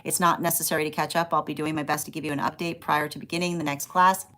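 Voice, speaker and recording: A woman's voice: low-pitched, little pitch movement, quick pace, bright, forceful tone. A woman hosting a livestream tarot reading, talking emphatically, repeating phrases and adding "right?" often. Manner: emphatic, repeats phrases, many tag questions. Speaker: tarot reader, livestream host. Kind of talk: casual livestream talk.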